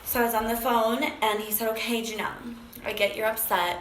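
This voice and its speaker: A woman's voice: mid-range voice, animated, fairly quick, few pauses, a bit bright, reverberant, a little hiss or hum, low-quality recording. A woman sharing an emotional personal story, acting out phone calls with many fillers. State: briefly tearful.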